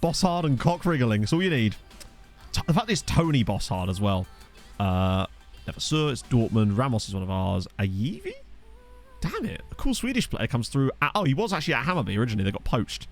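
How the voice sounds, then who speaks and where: Man, young adult, casual game commentary, joking, animated pitch, faint background music. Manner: chatty, joking, reacts with quick exclamations. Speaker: gaming video host. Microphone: desk USB microphone.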